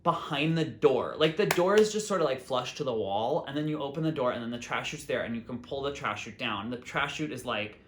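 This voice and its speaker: A man's voice: mid-range voice, expressive, a little fast, few pauses, a little hiss or hum. A man hosting his own vlog, telling a story in a casual, rambling way, full of "like" and quoting his own thoughts. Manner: rambling, full of "like" fillers and self-quotes. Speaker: vlog host.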